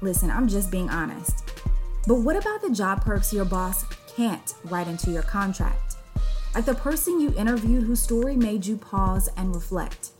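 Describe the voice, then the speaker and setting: A woman's voice: mid-range voice, lively intonation, normal speed. Woman host introducing over music. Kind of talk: scripted narration intro.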